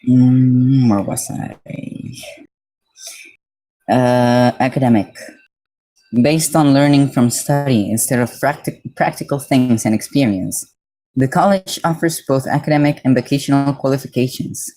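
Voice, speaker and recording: A man's voice: mid-range voice, a little slow, warm tone, poor audio. A man from Mexico streaming live, reading dictionary definitions aloud and breaking off to chat casually with his viewers.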